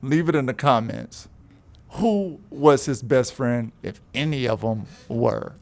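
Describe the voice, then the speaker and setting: A man's voice: mid-range voice, slow pace, gravelly. A man co-hosting a casual podcast, a parent who gives frank, opinionated takes. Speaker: co-host. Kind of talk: casual chat.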